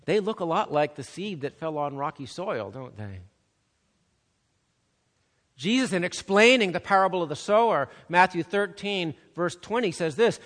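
A man preaching a sermon, swinging between loud, urgent emphasis and hushed, soft passages. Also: high voice, lively intonation, normal speed. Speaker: pastor. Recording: long reverb of a large hall.

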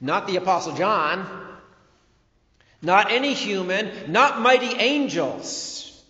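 Pastor, male, high voice, slow deliberate sermon delivery, dull recording in a church sanctuary. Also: animated. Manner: slow, emphatic preaching with swings between loud and soft phrases. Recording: dull, echoey hall recording.

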